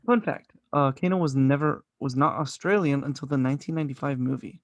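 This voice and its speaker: A man's voice: medium pitch, fairly quick, dry recording. A man chatting casually as a podcast co-host, enthusiastic and rambling, swearing often. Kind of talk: casual movie review chat.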